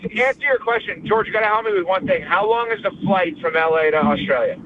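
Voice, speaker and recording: A man's voice: sits high, lively intonation, fast talker. A man calling in from his car, talking sports in an emphatic, opinionated way. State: driving. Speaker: caller. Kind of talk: casual sports talk by phone. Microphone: cell phone. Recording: tinny phone line with faint road noise.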